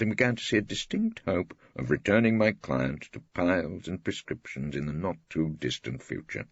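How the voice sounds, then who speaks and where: An older English man narrating an audiobook in the first person, dry, wry and measured. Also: rumbling low, lively intonation, gravelly, slightly rough, no room sound. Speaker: audiobook reader. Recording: dull dry studio audiobook.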